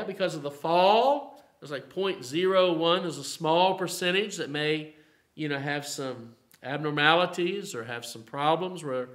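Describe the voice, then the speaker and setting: A man's voice: fairly high pitch, a bit bright. A man with an Appalachian Southern accent, a pastor leading a mid-week Bible study in a conversational way, full of "you know" fillers and rising to emphatic declarations. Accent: Appalachian Southern American.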